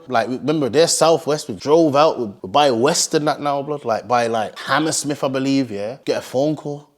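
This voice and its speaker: A young man telling a story in casual street slang, often acting out the people in it. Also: mid-range voice. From Birmingham, England. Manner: heavy street slang, animated retelling with acted quotes. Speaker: streetwear brand founder.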